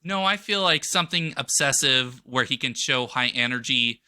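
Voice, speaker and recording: A man's voice: mid-range voice, expressive, normal speed, sharp tone. A man co-hosting a podcast in casual chat, unsure of his facts, joking at his own expense and stumbling over his words. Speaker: podcast co-host.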